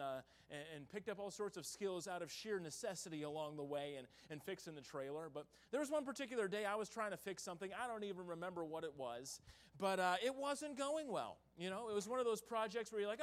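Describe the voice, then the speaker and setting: High-voiced man preaching folksy sermon. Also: animated, brisk. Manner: folksy storytelling with sudden loud bursts and hushed stretches. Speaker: traveling evangelist preacher. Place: church sanctuary.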